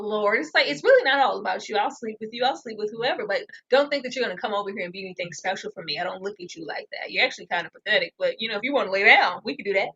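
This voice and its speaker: A woman co-hosting a casual TV recap, talking in an animated, dramatic way and acting out characters' lines. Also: medium pitch, very fast, hardly any pauses, breathy edge. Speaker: show co-host. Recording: dull lo-fi audio.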